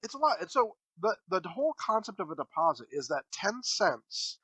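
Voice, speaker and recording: High-pitched, animated ranting man. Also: normal speed, slightly rough, no echo, rough recording. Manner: animated, profane ranting storyteller. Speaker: podcast co-host. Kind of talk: casual chat.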